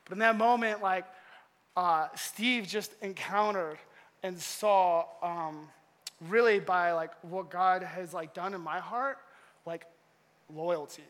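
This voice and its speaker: A young man telling a story during a casual sermon, animated and full of laughs and filler words. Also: high-pitched, slow. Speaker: youth pastor. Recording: long hall reverb.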